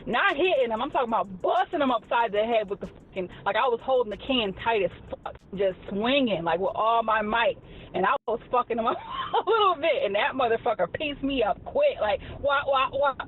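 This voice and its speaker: A woman telling stories in casual chat on a live stream, profane and animated, laughing often. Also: on the high side, a little fast, phone-quality sound, a little hiss or hum. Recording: music playing in background.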